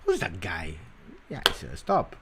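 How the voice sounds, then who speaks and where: A man hosting a casual football talk show, animated and teasing, jumping between loud bursts and quiet mutters. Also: deep voice, measured pace, creaky, noisy background. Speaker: football channel host. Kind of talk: casual live commentary.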